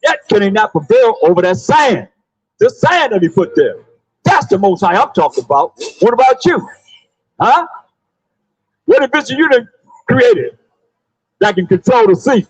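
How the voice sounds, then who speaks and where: A man preaching loudly outdoors on a city sidewalk, calling out verses for a reader to read. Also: high-pitched, very animated, normal speed, pauses often, slightly rough, no echo, rough recording. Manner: loud, preachy, calls on a reader and repeats the verses. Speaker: street preacher. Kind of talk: open-air street preaching.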